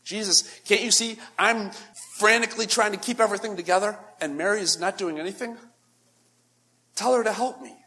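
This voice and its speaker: A man's voice: high voice, brisk, sharp tone, pitched above the performer's own voice. A man putting on the voice of a frantic, overwhelmed woman who pleads and complains shrilly.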